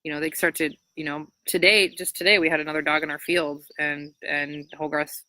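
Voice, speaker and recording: A woman dog trainer from Minnesota giving casual, chatty training advice, full of fillers, jumping up high when she imitates praising a dog. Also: a little fast. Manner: chatty, frequent fillers, animated high-pitched voice when quoting praise to dogs.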